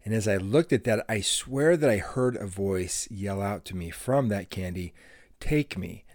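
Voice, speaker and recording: A man's voice: on the low side, moderate pace, darkish tone, no room sound, studio quality. A middle-aged man hosting a devotional podcast, telling a childhood story in an earnest, friendly way with an occasional laugh. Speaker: podcast host.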